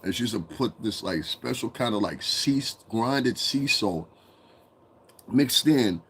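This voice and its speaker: A man's voice: lowish voice, expressive, slow, fairly bright tone, breathy edge. A man from Connecticut hosting a casual commentary monologue, profane and rambling, breaking into mocking impressions. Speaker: commentary channel host.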